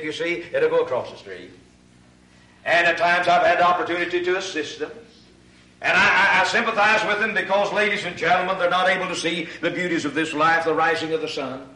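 A man preaching a sermon in a church hall. He addresses the congregation as ladies and gentlemen and swells into shouted emphasis on key points. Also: a little high. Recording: echoey hall, far from mic.

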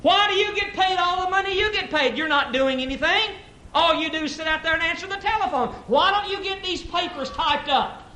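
A man's voice: very high voice, big pitch swings, brisk, roomy sound, a little hiss or hum. A man voicing an upset female secretary who grumbles, then scolds the receptionist. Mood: scolding. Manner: self-pitying, grumbling.

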